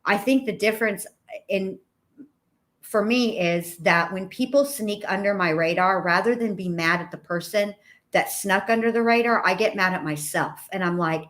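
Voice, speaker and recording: A woman's voice: medium pitch, moderate pace, fairly bright tone. A woman who hosts a YouTube channel, talking in a reflective, rambling way with frequent restarts. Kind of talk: casual conversation.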